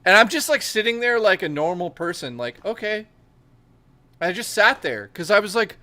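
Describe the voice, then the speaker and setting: Bright-voiced young man telling crude stories. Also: high voice, moderate pace, no echo. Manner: crude, animated storytelling with lots of swearing and laughter. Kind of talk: casual chat.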